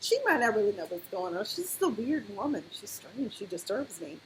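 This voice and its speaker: A woman's voice: mid-range voice, big pitch swings, brisk, slight background noise, poor audio. A woman casually reviewing a TV episode, animatedly acting out the characters' lines as she retells the scenes. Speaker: TV recap vlogger.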